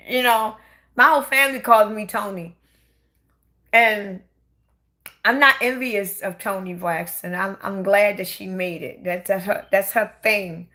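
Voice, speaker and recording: Slow, bright-voiced woman telling her story. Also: mid-range voice. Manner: emotional, halting, repeats and restarts words. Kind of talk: casual late-night personal talk.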